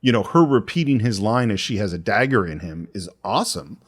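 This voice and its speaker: A man's voice: lowish voice, sing-song, brisk, slightly rough. A man co-hosting a movie podcast, animatedly retelling scenes with acted quotes in a casual chat. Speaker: podcast co-host.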